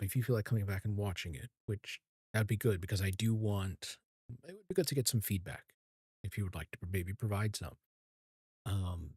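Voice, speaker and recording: A man in his thirties chatting calmly while streaming a game, soft-spoken and hesitant, with many ums and restarts. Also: lowish voice, breathy edge, no room sound, clean studio sound. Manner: calm, soft-spoken and even. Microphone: streaming mic with equalizer.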